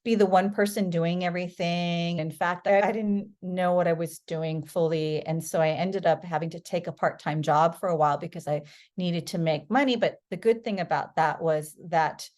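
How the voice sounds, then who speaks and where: A middle-aged woman, a podcast guest, chatting in a casual storytelling way, lively and animated, often acting out what people said. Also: fairly low pitch, moderate pace. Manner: animated, lively, acts out quoted voices.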